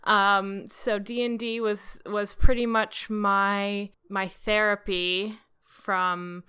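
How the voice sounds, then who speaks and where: Podcast regular: a woman with a bright, crisp voice who talks slowly, laughing at herself, swearing casually. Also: mid-range voice, flat delivery. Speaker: podcast player introducing herself. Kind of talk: casual chat.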